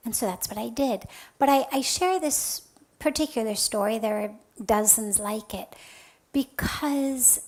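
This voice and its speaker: Woman, spiritual teacher, slow unhurried delivery, higher voice, soft breathy near-whispers, emphatic rises. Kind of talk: spiritual talk with personal storytelling.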